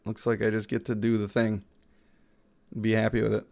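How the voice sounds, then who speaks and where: A man's voice: fairly low pitch, monotone, moderate pace, vocal fry, a little mellow. A man who is sick, giving casual, playful live-stream commentary on a mobile game and chatting with viewers.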